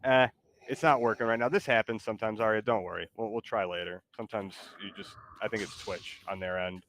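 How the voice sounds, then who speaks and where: A man's voice: on the low side, fairly even intonation, fairly quick, a bit bright. A man streaming, talking casually and coaxing his AI co-host in a rambling way. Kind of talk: casual live-stream talk.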